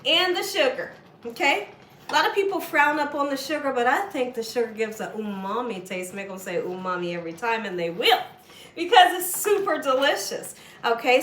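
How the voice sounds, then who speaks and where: A woman's voice: fairly high pitch, fairly bright tone, reverberant, a little hiss or hum. A woman hosting a home cooking demonstration, chatty and coaxing, often checking in with "okay?" and "right?". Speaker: cooking show host. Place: home kitchen.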